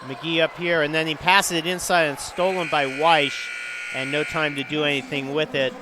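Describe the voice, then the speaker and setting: A man calling live high school basketball play-by-play who gets louder on big plays. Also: normal speed, noisy background. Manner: rising excitement on big plays. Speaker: play-by-play announcer.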